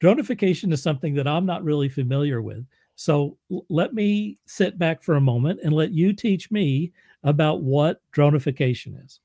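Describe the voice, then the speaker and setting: A man's voice: a little high, animated, normal speed, mellow, no room sound, studio quality. A man hosting an interview, curious and affirming, often stammering through restarts. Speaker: interview host. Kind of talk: casual interview.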